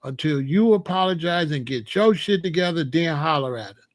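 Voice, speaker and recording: A man's voice: a little high, moderate pace. Emphatic, profane male commentary host. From United States. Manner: emphatic, profane, animated storytelling. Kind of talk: casual monologue.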